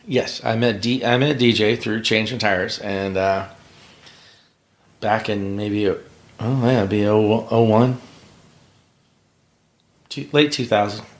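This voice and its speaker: A man's voice: lowish voice, fairly even intonation, slow, long pauses. Rambling, profane man telling stories. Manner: rambling, profane, laughs often. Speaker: podcast guest, pit crew member. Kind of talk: casual storytelling.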